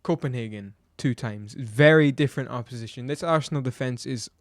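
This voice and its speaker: A man's voice: medium pitch, fairly quick, no echo, clean studio sound. A man giving a blunt, exasperated football match review, ranting and firing off rhetorical questions. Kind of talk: opinionated match review vlog.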